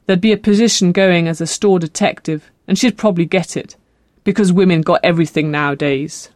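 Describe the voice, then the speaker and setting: An audiobook narrator reading a novel in a measured, expressive way. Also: medium pitch, no room sound, studio quality. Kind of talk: scripted narration.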